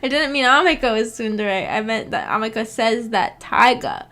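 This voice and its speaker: A woman's voice: fairly high pitch, normal speed, fairly bright tone. A woman streamer in casual livestream chat, rambling, giggling and correcting herself as she goes.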